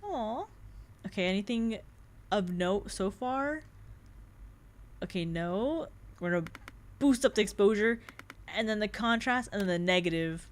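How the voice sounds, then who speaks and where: A young adult woman streaming a game with casual commentary, excitable and jumpy, laughing and swearing often. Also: medium pitch, unhurried, long pauses. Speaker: VTuber streamer.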